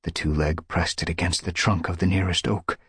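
A man narrating an audiobook in a dramatic, measured way. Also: low-pitched, steady tone, fairly bright tone, husky, dry recording, clean studio sound. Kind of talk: scripted narration.

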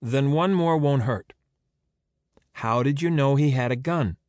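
A man's voice: medium pitch, unhurried, a little mellow, no room sound, pitched above the performer's own voice, close to an everyday voice. A man voicing a patient, persistent woman investigator who keeps probing with questions.

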